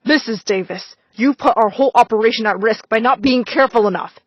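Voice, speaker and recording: A woman's voice: fairly high pitch, a little fast, no echo, lightly acted. A woman voicing a threatening middle-aged male school principal who snaps and gives orders. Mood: menacing. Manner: threatening, snapping, cold. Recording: slightly dull, dry recording.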